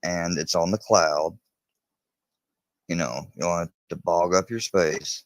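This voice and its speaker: A man's voice: sits low, steady tone, slow, no echo, rough recording. A man casually chatting on a live stream in a rambling way. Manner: rambling, talks to his dog mid-stream.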